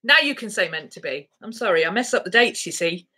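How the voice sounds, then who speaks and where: Chatty woman vlogger, husky and lively. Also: medium pitch, fairly quick. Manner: rambling, laughing, baby talk to her dogs. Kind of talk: casual chat to camera.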